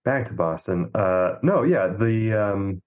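A man co-hosting a podcast, chatting about a film in a relaxed, wry way. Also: low voice, slow, phone-quality sound. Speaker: podcast co-host. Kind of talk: casual film discussion.

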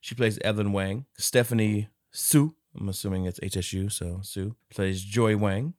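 A man's voice: on the low side, steady tone, normal speed, darkish tone, dry recording, clean studio sound. A man co-hosting a casual movie review podcast, talking in a rambling, jokey way and laughing often. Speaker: podcast co-host.

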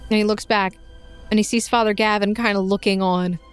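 A woman narrating as game master of a tabletop game, lively and playful, often laughing. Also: mid-range voice, fairly quick, clear, resonant tone, soft background music.

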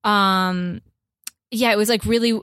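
A young woman tells a rambling story on a podcast, filling it with "like" and "um." Her pitch sits in an ordinary middle range. The recording is close and dry, with no room sound. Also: steady tone, a little slow, a bit bright, clean tone, no echo. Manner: chatty, heavy use of "like" and "um"; acts out others' lines in a raised voice. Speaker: podcast guest. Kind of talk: casual storytelling.

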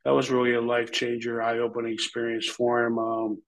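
A man's voice: mid-range voice, completely flat delivery, normal speed, rough recording. A middle-aged man, a former pro wrestler, telling rambling, profane stories in an interview, acting out the voices of people he quotes. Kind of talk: casual anecdotal storytelling.

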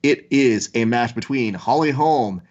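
A man's voice: medium pitch, a little slow, darkish tone. Joking man hosting a podcast. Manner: joking, teasing, runs the segments. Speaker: podcast host. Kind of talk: casual podcast chat. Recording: slightly dull lo-fi sound.

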